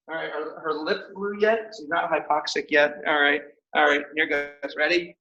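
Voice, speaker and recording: A man teaching a martial arts class, calling out commands with energetic shouts and laughter. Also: a little high, normal speed, dull audio. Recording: echoey room, mic far off.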